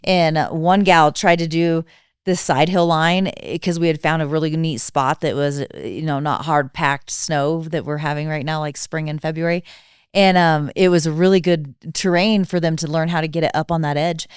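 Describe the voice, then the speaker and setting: A woman, a snowmobile riding instructor, telling a story in casual podcast chat, relaxed and full of fillers. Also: low voice, moderate pace, smooth, dry recording, studio quality.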